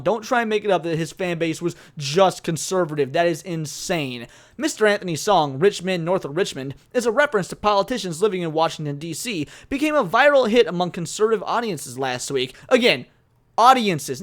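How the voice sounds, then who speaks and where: Animated high-voiced American man ranting. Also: moderate pace. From United States. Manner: animated, exasperated, rising to emphatic outbursts. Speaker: commentary host reacting to news. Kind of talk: opinionated commentary reading and reacting to an article.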